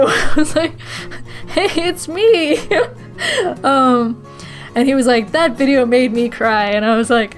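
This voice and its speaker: A young woman telling a rambling, excitable story as a vlog voice-over, often breaking into giggles. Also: a little high. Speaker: vlogger.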